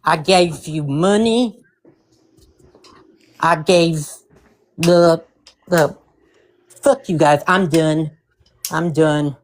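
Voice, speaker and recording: A woman's voice: low voice, extremely slow, pauses often, slight background noise. A woman on a live-stream panel delivering a rambling, theatrical comic rant.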